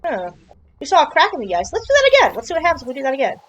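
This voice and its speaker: A woman with a high, bouncy voice talks through a video game, chatty and jokey, often breaking into exclamations. A faint hiss runs under the recording. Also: sing-song, racing, muffled recording. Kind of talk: casual game playthrough commentary.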